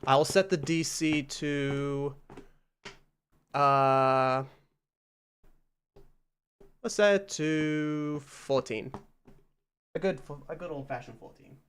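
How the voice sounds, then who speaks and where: A man's voice: fairly high pitch, slow, pauses often, fairly bright tone, clean tone. A man narrating a tabletop game as game master, casual and loose, with plenty of fillers.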